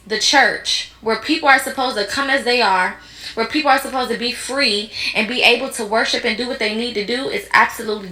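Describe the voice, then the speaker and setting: A woman's voice: a little high, bright, forceful tone, reverberant. A woman hosting a podcast, giving heated, indignant commentary on clips. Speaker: podcast host.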